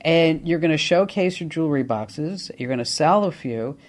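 A woman hosting a call-in radio show, talking in an upbeat, chatty way with quick asides. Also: sits low, animated, darkish tone. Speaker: radio talk show host.

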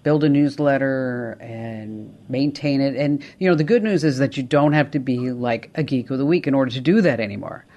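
A woman hosting a call-in radio show, talking in an upbeat, chatty way with quick asides. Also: a bass voice, mellow, lo-fi sound. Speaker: radio talk show host.

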